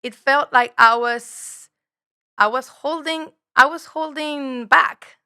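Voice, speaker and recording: A woman speaks in a bright, lively tone, sitting a little higher than most women. She talks earnestly and reflectively as a podcast guest, circling back over her own phrases. The sound is close and dry. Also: slow, no room sound. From Mexico. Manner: reflective, earnest, repeats phrases, swears casually. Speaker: podcast guest, spiritual guide. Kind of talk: casual conversation.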